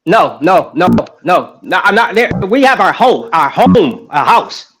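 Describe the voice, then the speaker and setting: High-pitched, emphatic man ranting. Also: very animated, a little slow, a bit bright, slight background noise. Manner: emphatic, swearing, repeats himself. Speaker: panelist on a sports stream. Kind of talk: heated casual panel talk. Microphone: online stream panel.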